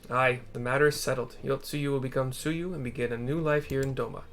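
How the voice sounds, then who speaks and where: A man's voice: mid-range voice, fairly even intonation, fairly quick, fairly bright tone, faint music behind, close to an everyday voice. A man reading a solemn young lord. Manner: solemn, formal archaic phrasing. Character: Hien, a steady young male lord and leader. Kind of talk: reading game dialogue aloud.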